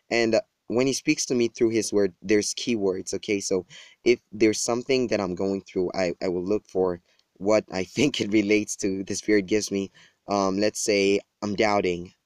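A man's voice: fairly low pitch, darkish tone, dry recording. A man giving a personal devotional talk, earnest and coaxing, with small laughs and restarts. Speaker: preacher.

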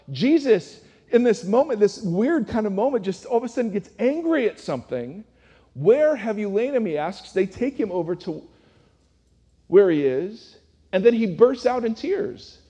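High-voiced pastor in a reverberant hall. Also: male voice, very animated, measured pace, dark tone, slightly rough. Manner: casual, asks the audience rhetorical questions. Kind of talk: conversational sermon. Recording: long reverb of a large hall.

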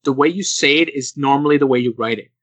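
A young man hosting a casual podcast chat, animated and laughing, acting out the people he quotes. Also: mid-range voice, fast, breathy edge, no room sound, rough recording. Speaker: podcast host.

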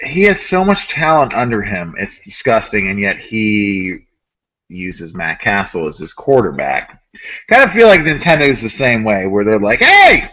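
Man, podcast co-host, bright forceful tone, mid pitch, animated profane rant. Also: rough recording. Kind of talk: casual gaming podcast chat.

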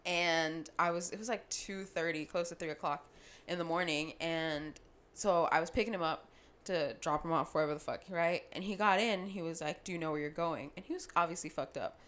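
Woman with a lowish voice, casual chat, cussing and telling stories. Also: brisk. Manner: profane, animated storyteller. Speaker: podcast co-host.

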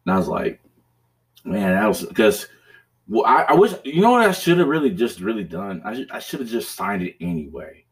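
Young guy on a podcast, low voice, swearing a lot and rambling through a story. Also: big pitch swings, moderate pace. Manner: profane, rambling, with laughs and restarts. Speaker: podcast host. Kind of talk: casual storytelling chat.

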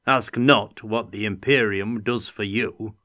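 A man voicing a zealous, pompous male Imperial judge who lectures loudly in rhetorical questions. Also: lowish voice, steady tone, slow, voice pushed up. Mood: lecturing zealously.

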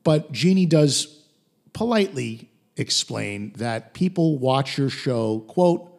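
Raspy guy with a bouncy voice retelling a tv episode, acts out the quotes. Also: mid-range voice, animated, slow, a little mellow. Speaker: podcast host. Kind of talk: episode recap.

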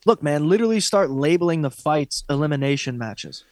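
A man's voice: fairly high pitch, animated, brisk, a little mellow, no room sound. A man co-hosting a fight podcast, talking in a blunt, profane, opinionated way in casual sports chat. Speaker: podcast co-host.

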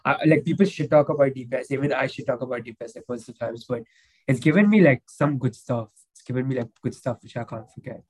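A man's voice: mid-range voice, quick pace, slightly rough, poor audio. A young man talking as a podcast guest in a casual, emotional chat. He rambles, with many fillers and restarts.

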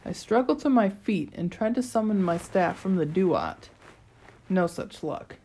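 A woman's voice: mid-range voice, animated, a little slow, mellow, breathy edge. A woman reading an audiobook chapter aloud, telling it in the first person with a dry, wry tone. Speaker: audiobook narrator. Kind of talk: scripted narration.

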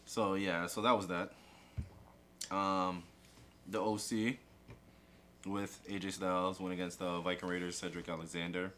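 Deep-voiced man telling a story. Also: a little slow, pauses often, a little hiss or hum. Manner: animated storytelling, acts out quotes, swears casually. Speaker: podcast co-host. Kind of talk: casual chat recapping wrestling.

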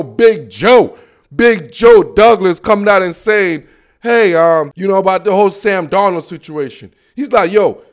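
A man hosting a solo football talk show, boastful and slangy, telling stories with animated asides. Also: high-pitched. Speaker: sports show host. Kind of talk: casual solo sports talk.

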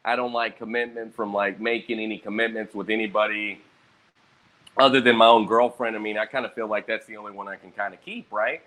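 A man's voice: on the low side, brisk. A young man rambling casually about his day, swearing freely and jumping between stories, a little hungover. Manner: profane, rambling, animated storytelling.

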